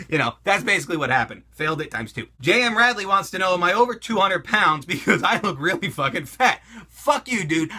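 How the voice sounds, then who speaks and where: A middle-aged man from the United States hosting a profane comedic question-and-answer show, talking loud and crude and laughing as he goes. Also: high-pitched. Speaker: host answering viewer questions.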